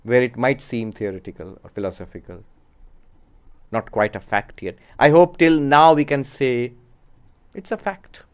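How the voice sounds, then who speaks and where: A man giving a spiritual discourse as a Vedanta teacher, measured and explanatory, often posing rhetorical questions. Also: medium pitch, clean tone.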